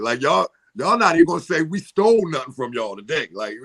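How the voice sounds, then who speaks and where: His voice is a little high and fast, with hardly any pauses. He's a middle-aged comedian from Philadelphia appearing as a guest in a casual interview, animatedly telling stories, doing voices, and laughing frequently.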